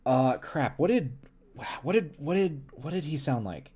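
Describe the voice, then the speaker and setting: A man's voice: on the high side, animated, a little slow, mellow, husky. Male streamer, casual read-aloud, giggly, trips over words. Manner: giggly, stumbles and restarts often. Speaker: streamer reading a novel aloud.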